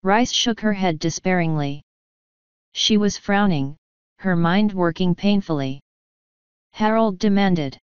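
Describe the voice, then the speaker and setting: A woman narrating an audiobook in a measured, even way. Her voice is low and exceptionally clear. The recording is dry and a little dull. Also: dry recording. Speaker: audiobook reader.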